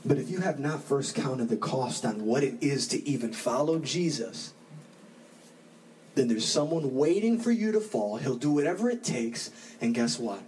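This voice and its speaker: A man preaching a sermon as pastor, animated, acting out the voices of his congregation. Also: medium pitch, moderate pace, far from the mic, slight background noise, low-quality recording.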